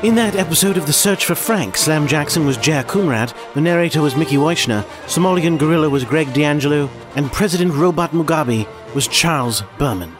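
A man's voice: on the high side, animated, brisk, few pauses, long reverb tail, music in the background. A man hosting a podcast, chatting casually and hesitantly with many restarts. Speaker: podcast host. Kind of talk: casual chat.

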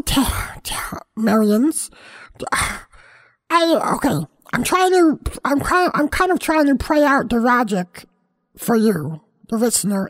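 Woman playing a rambling high-voiced house cat. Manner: meandering, self-interrupting, playfully earnest. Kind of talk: comic monologue.

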